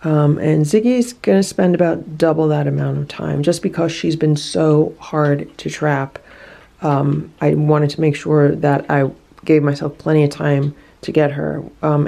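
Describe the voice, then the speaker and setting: A woman filming a cat vlog, explaining feral cat trapping and softly coaxing a trapped cat to relax. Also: deep voice, vocal fry. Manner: soothing, coaxing baby talk to a trapped cat. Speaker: cat rescuer vlogger. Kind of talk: casual vlog narration and talking to a cat.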